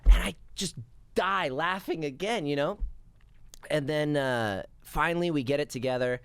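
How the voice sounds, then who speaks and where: A man's voice: on the high side, moderate pace, smooth, dry recording. A man chatting as a podcast guest, telling stories animatedly and acting out old scenes. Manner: animated storyteller, acts out scenes and laughs. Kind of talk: casual chat.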